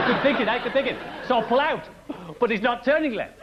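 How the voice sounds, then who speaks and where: Animated comedian, high and lively. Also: male voice, quick pace, heavy background noise. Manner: animated, mocking, shouts punchlines. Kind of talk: stand-up monologue. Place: studio with live audience. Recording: dull broadcast recording, loud audience.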